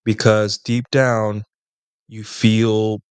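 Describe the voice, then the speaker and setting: Young guy streaming a q&a, rambly, lots of restarts, smooth clear voice, dry close mic. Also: on the low side, flat delivery, extremely slow, no room sound. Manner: rambling, many restarts and filler words. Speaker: live stream host. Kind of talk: casual live Q&A monologue.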